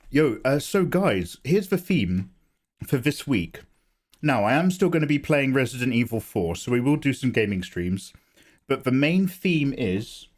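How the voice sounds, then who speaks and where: A man chats with his stream audience while he draws, joking and greeting people by name. His voice is a little hoarse from a cough. He sits at a middle pitch and keeps a loose, casual flow. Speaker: art streamer. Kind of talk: casual live-stream chat.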